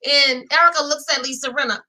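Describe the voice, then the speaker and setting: On a chatty live recap of a reality show, a woman with a New Orleans accent speaks fast in a bright, forceful, slightly high voice. She's animated, addresses her viewers directly, and reads their chat comments aloud, though the recording is rough.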